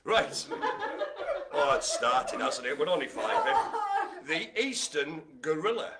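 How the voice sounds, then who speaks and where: A middle-aged man hosting a live bingo game, chatty and jokey, speaking to his audience as ladies and gentlemen. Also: a little high, huge pitch swings, slow, very noisy. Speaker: bingo caller and host.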